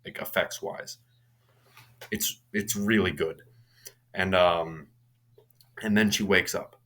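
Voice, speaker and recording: A man's voice: deep voice, fairly even intonation, slow pace, fairly bright tone. A young man casually retelling a horror movie's plot, rambling with frequent restarts and fillers. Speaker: movie reviewer.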